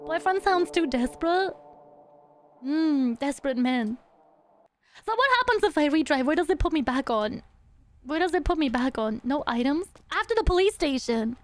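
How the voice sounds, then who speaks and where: Bubbly, very high-voiced young woman streamer. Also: lively intonation, moderate pace. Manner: playful, bubbly, hums little sound effects. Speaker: VTuber streamer. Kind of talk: live gameplay commentary.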